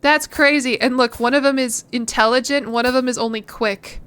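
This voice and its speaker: Bright chatty young woman. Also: a little high, steady tone, brisk, clear, resonant tone. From United States. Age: 20s. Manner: chatty and rambling, swears casually. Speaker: streamer. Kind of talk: casual chat while gaming.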